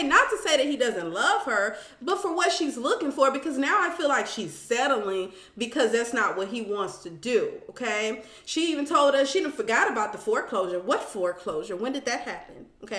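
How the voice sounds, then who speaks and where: A woman's voice: a little high, roomy sound. A woman casually recapping a reality show, telling it with sassy asides and acting out the quotes. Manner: animated storytelling, acts out quotes, sassy asides.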